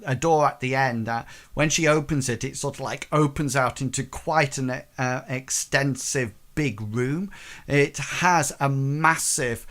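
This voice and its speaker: A man narrating a tabletop role-playing session as game master. He rambles, filling his descriptions with ums and hesitant asides, at a medium pitch. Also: a bit bright. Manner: rambling, many fillers.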